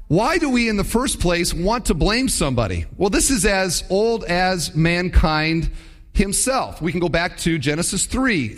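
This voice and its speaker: A man's voice: sits high, a bit bright. A man preaching a sermon, teaching in a conversational yet emphatic way with many rhetorical questions.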